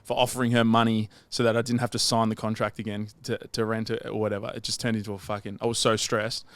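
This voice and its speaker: A man's voice: fairly low pitch, flat delivery, fast talker, fairly bright tone. A young Australian man hosting a casual podcast, telling loose, sweary stories. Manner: loose, sweary storytelling with laughs. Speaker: gym owner and podcast host.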